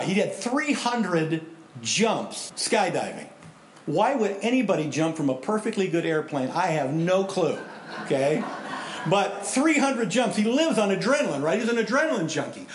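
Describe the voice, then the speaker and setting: A male pastor preaching a sermon, animated storytelling that swings between loud and hushed. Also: fairly high pitch, normal speed, echoey room, slight background noise.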